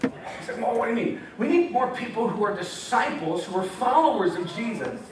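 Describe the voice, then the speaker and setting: A young man preaching casually in a high, lively voice, joking and acting out the characters as he reads scripture. He sounds far from the mic in a very echoey hall, with faint background noise. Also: a little fast. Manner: animated, jokey, acts out voices of God and Gideon. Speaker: campus ministry speaker. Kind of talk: casual sermon with scripture reading. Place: meeting hall.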